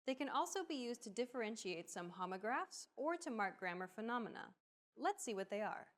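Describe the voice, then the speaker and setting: A woman narrating a scripted language lesson in an even, explanatory read. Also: fairly high pitch, fairly quick.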